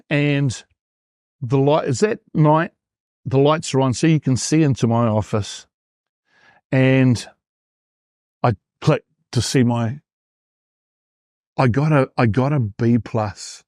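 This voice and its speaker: A man's voice: mid-range voice, slow pace, long pauses, a little mellow, no echo, studio quality. A New Zealand man in his fifties, a performance coach telling his story in an interview and acting out his past thoughts. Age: 50s.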